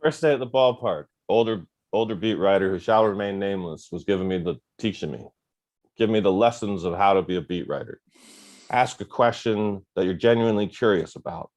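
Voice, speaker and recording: A man, a guest on a podcast, telling self-deprecating stories in a lively, casual way. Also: lowish voice, brisk. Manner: animated, self-deprecating anecdotes with quoted dialogue. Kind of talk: casual storytelling.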